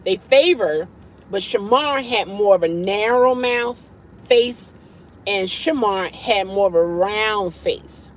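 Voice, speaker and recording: A woman hosting a casual live-stream chat from her parked car at night, with an animated, friendly way of talking. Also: medium pitch, takes it slowly, rough recording. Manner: lively, greets viewers warmly with laughs. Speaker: livestream host chatting with viewers.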